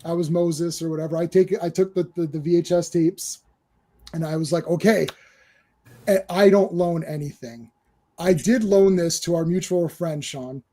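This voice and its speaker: Guy in his 40s, podcast host, highish warm voice, animated storytelling, swears, keeps restarting sentences. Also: normal speed. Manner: animated, acts out quotes, swears, many restarts. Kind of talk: casual storytelling on a movie podcast. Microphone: live-stream microphone.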